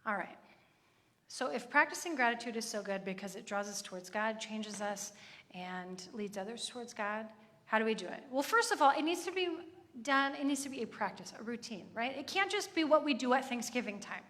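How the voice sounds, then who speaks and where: A woman's voice: a little high, expressive, brisk, fairly bright tone. A woman in her thirties giving a chatty, earnest sermon with lots of asides. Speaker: church speaker. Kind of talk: conversational sermon. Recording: echoey hall.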